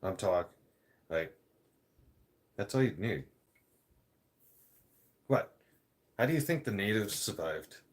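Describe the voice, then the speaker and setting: A man's voice: fairly low pitch, lively intonation, slow, long pauses. A man ranting in a vlog, blunt and profane, rambling and restarting his sentences. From Canada. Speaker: vlogger.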